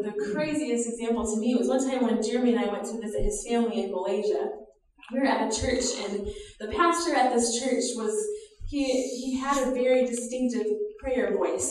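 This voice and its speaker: A woman's voice: fairly high pitch, darkish tone, slight background noise. A woman from the United States preaching a conversational sermon in a church, with frequent laughter during anecdotes. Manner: conversational, laughs often while telling stories. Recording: echoey church hall from far off.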